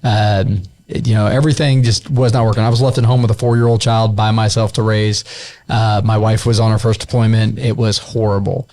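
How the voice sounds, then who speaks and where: A man's voice: on the low side, level tone, a little fast, mellow. A man co-hosting a podcast, telling a heartfelt personal testimony in a casual, earnest way. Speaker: podcast co-host.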